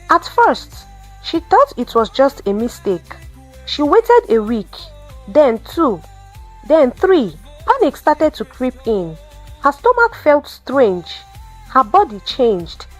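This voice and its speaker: A woman hosting her own channel, narrating a story in a calm, measured way. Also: fairly high pitch.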